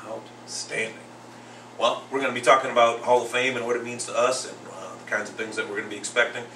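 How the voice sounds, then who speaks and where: This mid-range male voice talks fast as he hosts a laid-back boxing show, spinning stories and performing other people's quotes with animation. He works as a podcast host and also teaches second grade. Faint noise and a roomy echo come through, since he's far from the microphone.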